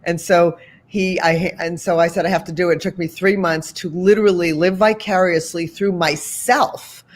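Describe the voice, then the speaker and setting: A woman's voice: lowish voice, fairly even intonation, normal speed. A woman in her sixties from the Boston area, telling a long story as an interview guest, with many asides and restarts.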